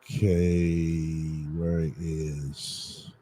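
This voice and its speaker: A man's voice: extremely low pitch, little pitch movement, extremely slow, warm tone, low-quality recording. A man, live-streaming and talking to his viewers while he fights with his setup, muttering, swearing and asking them to bear with him.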